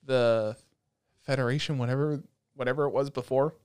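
A man hosting an anime podcast in casual chat, excitable and profane, laughing often. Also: medium pitch, normal speed, clear, resonant tone, no echo. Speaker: podcast host. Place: at home, talking over Discord.

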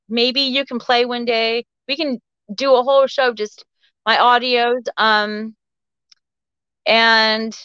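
A woman's voice: a bit bright, clear, resonant tone, no room sound. A woman in her forties, a podcast guest, telling a personal story with energy and acting out the other people's voices as she quotes them. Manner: acts out the quoted voices of others with shifts in pitch. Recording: slightly muffled dry recording.

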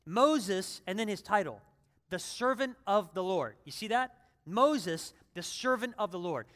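A man's voice: high-pitched, lively intonation, measured pace, a bit bright, big-room sound. A middle-aged male pastor giving a sermon in a conversational way that builds into emphatic, repeated phrases.

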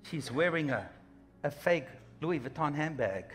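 A man with a high voice preaches a lively, humorous sermon. He acts out little scenes in passing, with faint music underneath. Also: measured pace. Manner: animated, humorous preaching with acted-out asides. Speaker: pastor.

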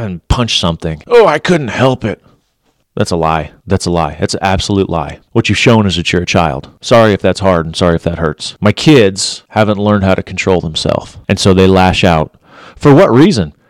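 Blunt, emphatic man with a low voice. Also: no echo, studio quality. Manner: blunt, emphatic, repeats points for stress. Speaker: former police officer giving relationship advice. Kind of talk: earnest direct-to-camera advice talk.

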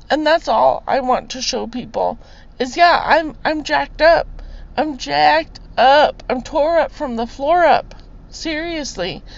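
A woman's voice: high voice, creaky. A young woman hosting a podcast, giving an earnest, preachy faith testimony and growing tearful at times. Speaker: podcast host sharing her testimony. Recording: slightly dull lo-fi sound with faint hiss.

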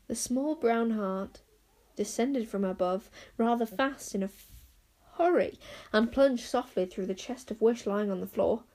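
A woman's voice: on the high side, measured pace, mellow, rough recording. A woman reading an audiobook as narrator, telling the story expressively. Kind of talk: scripted narration.

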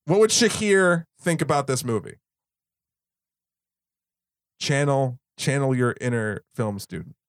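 A man's voice: mid-range voice, expressive, measured pace, long pauses, no echo, clean studio sound. A man hosting a podcast in casual chat, rambling and swearing, laughing often. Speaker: podcast host.

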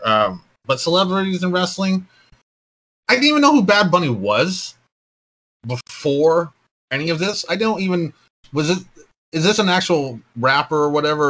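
A man's voice: mid-range voice, a bit bright. A man co-hosting a podcast in casual chat, blunt, opinionated and given to swearing. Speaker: podcast co-host.

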